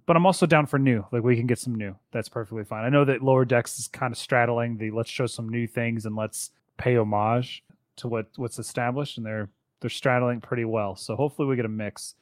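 A man co-hosts a podcast in easygoing chat, rambling with plenty of quick asides. His voice sits at a middling pitch. The sound is dry and close, with no room echo. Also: fairly even intonation. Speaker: podcast co-host.

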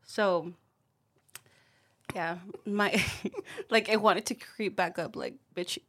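A woman hosts a casual chat podcast in a relaxed, giggly way. Her voice is still recovering from a recent illness, and she keeps it easy. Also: mid-range voice, takes it slowly, breathy edge. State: recovering from a cold, voice still coming back.

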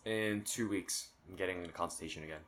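Low-voiced man, matter-of-fact. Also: fast, a crowd in the background. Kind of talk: casual chat.

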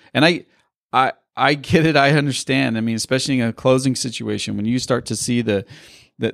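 A man's voice: medium pitch, creaky, no echo, clean studio sound. A man leading a sales training session on a group call, rambling and often checking in with "right?". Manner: rambling, repeats words, asks "right?" a lot.

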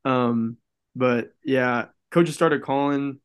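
Relaxed young man telling stories. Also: mid-range voice, extremely slow, smooth. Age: young adult. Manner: relaxed storytelling, heavy use of "like". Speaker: college football player guest. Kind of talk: casual podcast interview.

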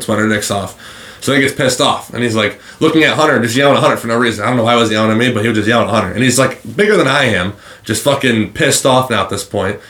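A man with a lowish voice who rattles off a profane, animated story at a quick clip. The room around him rings with echo. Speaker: podcast co-host. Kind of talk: casual storytelling chat.

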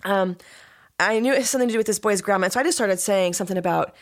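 A woman pastor tells a story as a guest on a podcast, speaking at a middle pitch. She is animated and laughs often as she goes. Her manner stays casual and talkative. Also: rapid-fire.

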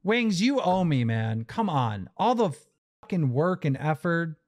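A high-voiced man vents on a live podcast stream, his pitch swinging all over as he grows exasperated. He swears often and hammers every point with emphasis. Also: big pitch swings, a little slow, a little mellow. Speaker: podcast host. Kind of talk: heated live-stream rant.

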